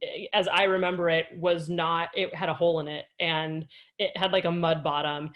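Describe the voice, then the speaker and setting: A woman, a former player, telling stories in an interview in a lively way and laughing often. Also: on the low side, moderate pace, highs cut off. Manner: animated storyteller, laughs often. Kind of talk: casual interview.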